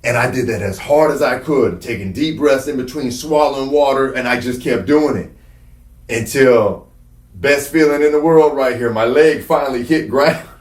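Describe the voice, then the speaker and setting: A man tells a personal story in a casual, animated, profane way. His voice sits at a middle pitch. The room around him is echoey. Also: normal speed. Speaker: podcast guest telling his story.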